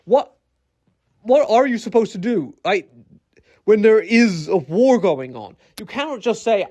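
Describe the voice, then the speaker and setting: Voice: medium pitch, lively intonation, a little slow, dark tone. A video essayist ranting casually, rambling through many fillers and restarts with exasperated, incredulous asides.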